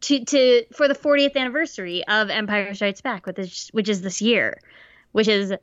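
A woman's voice: mid-range voice, normal speed, muffled recording, slight background noise. A woman co-hosting a podcast in casual chat, talking chattily with many fillers. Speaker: podcast co-host.

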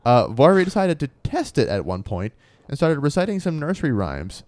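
A man's voice: fairly high pitch, big pitch swings, brisk, a little mellow, no echo. A man co-hosting a podcast, telling a spooky true story in a casual, chatty way with frequent ums and laughs.

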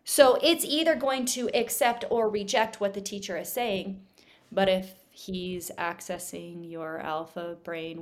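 A woman hypnotherapist, a guest on a studio podcast, explaining her work in an animated, teaching manner, swinging her loudness up and down to make points. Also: medium pitch, a little slow. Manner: animated, explanatory, shifts volume to demonstrate.

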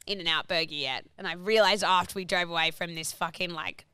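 Woman co-host, bright crisp voice, dry mic, rambling chatty storyteller. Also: lowish voice, a little fast, dry recording. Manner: rambling storyteller, lots of fillers. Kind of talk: casual chat.

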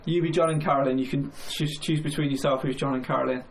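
A man's voice: medium pitch, steady tone, fast. A man co-hosting a casual football chat, joking and laughing between points. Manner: chatty, jokey, laughs often. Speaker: podcast co-host. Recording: faint background noise.

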